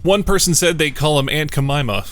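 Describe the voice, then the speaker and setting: A man's voice: fairly high pitch, lively intonation, fairly quick, a bit bright, faint music behind. A man giving scripted voice-over commentary on comedy clips, with wry, slangy asides. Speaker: compilation narrator.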